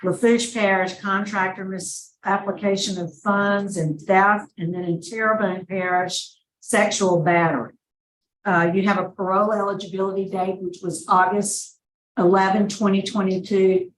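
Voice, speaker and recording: A woman chairing a parole hearing, brisk and formal, reading details into the record. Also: mid-range voice, flat delivery. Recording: echoey hearing room, distant mic, faint noise.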